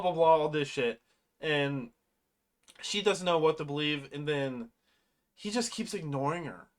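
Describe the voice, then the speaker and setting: A casual speaker recapping a movie's plot in a rambling way, swearing often and acting out quotes in animated voices. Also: medium pitch. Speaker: movie reviewer.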